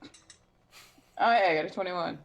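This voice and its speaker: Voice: medium pitch, slow, vocal fry, fairly bright tone, lo-fi sound, a little hiss or hum. A player in a tabletop game, chatting casually and hesitantly with um fillers.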